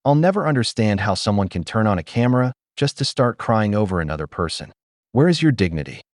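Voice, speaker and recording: A man's voice: on the low side, big pitch swings, fast, no echo, studio quality. A man hosting a commentary video, blunt and opinionated in his reactions. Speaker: commentary host.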